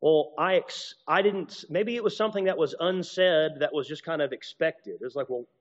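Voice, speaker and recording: Male speaker, slightly high voice, conversational teaching tone, long hall reverb, muffled lo-fi recording. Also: moderate pace. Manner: conversational, acts out little dialogues, many restarts. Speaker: preacher or teacher. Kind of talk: teaching talk to a group.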